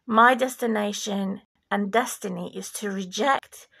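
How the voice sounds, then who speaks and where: A vlogger from former Yugoslavia gives a slow, deliberate religious monologue with a preachy edge. Her deeply gravelly, creaky, slightly bright voice moves at an unhurried, measured pace and sometimes drops to a whisper.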